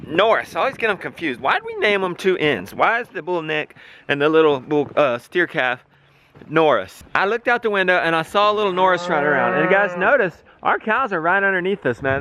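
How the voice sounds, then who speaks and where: A man's voice: high-pitched, bright, forceful tone, a little hiss or hum. A man hosting a casual family farm vlog, talking to his viewers in a chatty, playful way as he works outdoors. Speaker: vlog host.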